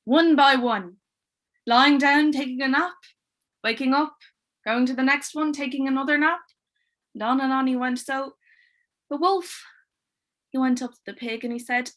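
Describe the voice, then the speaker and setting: A woman telling a twisted fairy tale aloud in a playful, expressive way with dry wit. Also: sits high, moderate pace, pauses often. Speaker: storyteller. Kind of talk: oral storytelling.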